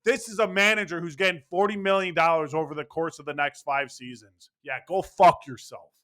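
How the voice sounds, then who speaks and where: A man's voice: fairly high pitch, fairly even intonation, a little fast, a bit bright. A man ranting angrily and sarcastically about his baseball team's loss, swearing as he goes. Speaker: baseball fan commentator. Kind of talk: ranting sports commentary.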